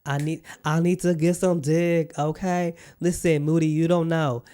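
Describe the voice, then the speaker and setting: A man putting on a brash, frustrated single woman who rants loudly and with exaggeration. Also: fairly high pitch, level tone, measured pace, clean tone, close to an everyday voice. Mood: exasperated. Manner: loud, exaggerated ranting.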